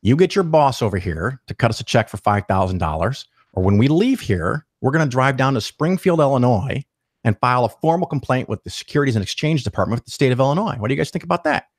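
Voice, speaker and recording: Brief: man, podcast guest, lively profane storyteller, dry close sound. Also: mid-range voice, fast, no echo. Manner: animated, profane, acts out quoted voices. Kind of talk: casual storytelling interview.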